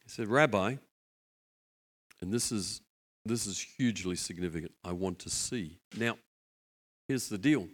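A man preaching a sermon, telling a story with lively asides and acted-out voices. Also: on the low side, measured pace, pauses often. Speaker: pastor.

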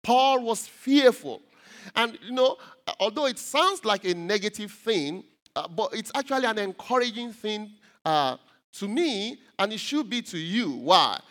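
Male preacher, fairly high voice, stumbles and repeats words, punches key lines, long hall reverb. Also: very animated, fairly bright tone. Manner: halting with many repeated words, rising emphatically on key points. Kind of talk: sermon.

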